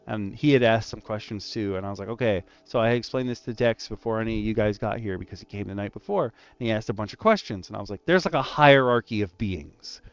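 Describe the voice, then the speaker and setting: A man's voice: on the low side, fast, hardly any pauses, clear, resonant tone, no room sound, lo-fi sound. A man who is a dungeon master, casually recounting a tabletop session and acting out his players' voices. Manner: animated storyteller, acts out his players' voices. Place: online voice call. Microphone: gaming headset.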